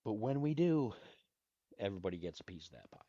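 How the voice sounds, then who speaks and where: A man with a fairly low, mellow, sing-song voice talks at a quick pace on his solo podcast. He rambles casually, restarting and tossing in asides. The sound is dry, dull and lo-fi.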